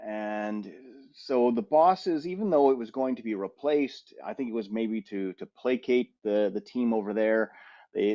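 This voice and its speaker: Middle-aged man telling a rambling story. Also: lowish voice. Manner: lively, rambling anecdote with frequent restarts. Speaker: podcast co-host. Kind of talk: casual storytelling. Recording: slightly muffled audio.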